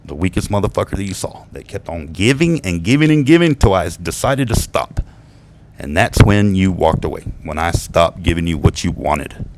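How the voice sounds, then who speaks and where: Deep gravelly guy venting to the camera, cussing a lot, laughs at his own jokes, faint hiss behind. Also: animated, normal speed. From United States. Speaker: vlogger venting about exes. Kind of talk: rambling profane monologue.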